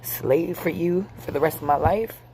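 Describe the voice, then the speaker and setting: A woman in her forties vents to her camera in a lowish voice, angry and worn out, swearing freely as she talks. A faint hiss of noise sits behind her. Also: moderate pace, dark tone. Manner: angry, profane, tired venting. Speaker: vlogger. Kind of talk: venting to camera.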